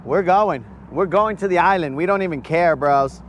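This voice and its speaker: A man's voice: high-pitched, normal speed, a little hiss or hum. A man hosting a casual fishing livestream from a boat on a lake, hyped and slangy, talking straight to his viewers.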